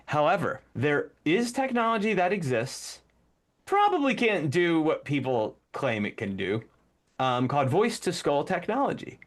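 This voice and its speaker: A man with a fairly high voice, co-hosting a casual podcast. He talks animatedly, and now and then he jumps into little acted-out commands to make his point. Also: moderate pace. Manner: animated, acts out commands mid-sentence. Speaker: podcast co-host.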